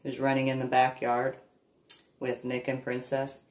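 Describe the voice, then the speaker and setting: A woman's voice: very deep voice, completely flat delivery, normal speed. A woman, a reverend and author, casually telling family stories in a meandering way, often laughing. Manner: meandering, laughs often, baby-talk when quoting herself to her dog. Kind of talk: casual personal storytelling. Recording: echoey room.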